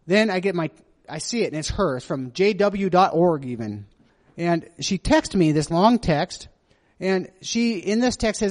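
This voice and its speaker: A man's voice: high-pitched, animated, normal speed. A man preaching a sermon, earnest and confessional, who often checks in with his listeners by asking "right?". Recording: long hall reverb.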